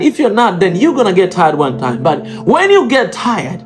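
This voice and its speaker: A man with an East African accent and a very high voice speaks straight to his audience. He pleads and preaches, hammering phrases again and again. Faint music plays under him. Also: wildly swooping pitch, moderate pace, few pauses. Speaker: video blogger addressing viewers. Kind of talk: impassioned direct-to-camera appeal.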